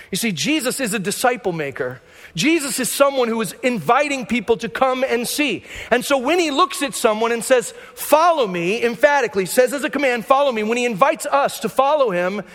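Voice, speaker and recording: High-voiced man preaching in a reverberant hall. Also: a bit bright. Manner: conversational preaching with emphatic repetition. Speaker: pastor. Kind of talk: sermon. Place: church sanctuary.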